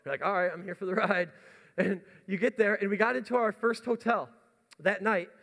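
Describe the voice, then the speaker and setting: Man, pastor, fairly high voice, self-mocking storyteller, long hall reverb. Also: steady tone, a little fast, creaky, fairly bright tone. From United States. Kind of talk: sermon storytelling.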